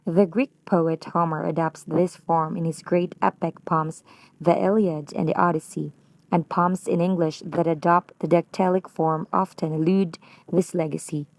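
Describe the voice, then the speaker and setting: A woman with a Filipino accent reading a prepared lesson on poetry, slow and careful. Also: on the low side, fairly even intonation, gravelly, no echo. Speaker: student presenter.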